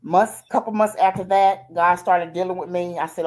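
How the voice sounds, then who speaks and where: Speaking at normal speed with fairly even intonation, a grandmother with a fairly low voice tells her life story. She appears as a guest on a streamed interview, colloquial and heartfelt, and keeps repeating "I said" and "she said."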